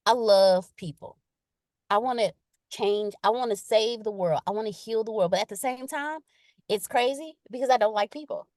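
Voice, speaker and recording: Speaking at a moderate pace with a voice on the high side, a woman hosts a live leadership session recorded dry and clean in a studio. Chatty and direct, she reads viewer comments with emphatic repetition. She's playful and animated in this casual motivational talk, acting out quotes in exaggerated voices.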